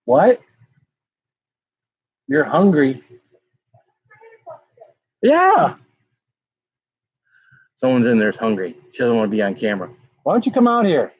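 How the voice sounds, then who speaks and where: A man's voice: medium pitch, huge pitch swings, takes it slowly, pauses often, breathy edge, dry recording. A man hosting a casual pepper-tasting livestream, rambling and greeting viewers in chat by name. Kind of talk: casual live-stream chat. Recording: dull lo-fi sound.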